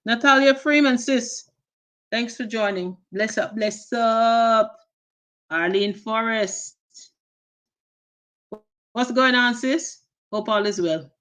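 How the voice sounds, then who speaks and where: A woman's voice: on the high side, takes it slowly, long pauses, fairly bright tone. A woman with a Jamaican accent hosting a casual live stream. She greets viewers by name with endearments and slips into patois phrases.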